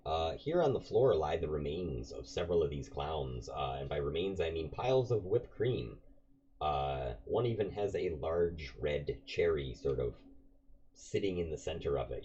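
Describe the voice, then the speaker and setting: A man with a warm, slightly rough bass voice acts as game master for a tabletop game, narrating loosely and ramblingly with many fillers. The recording is dull and lo-fi with faint noise.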